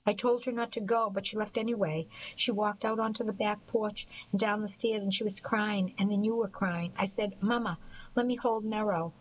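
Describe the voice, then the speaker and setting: A woman voicing a troubled, grieving grown man, speaking in a slow, halting, tearful way. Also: mid-range voice, fairly even intonation, lightly acted, rough recording.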